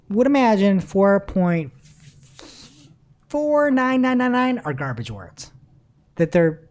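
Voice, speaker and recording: A woman's voice: lowish voice, a little mellow. A woman co-hosting a casual marketing news podcast, chatting animatedly, often laughing and reading quotes aloud. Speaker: podcast co-host.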